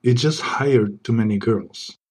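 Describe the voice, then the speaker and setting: A man playing a smug secret agent in a comedy sketch, keeping a low, smooth, deadpan voice. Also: unhurried. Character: suave smug male secret agent parody.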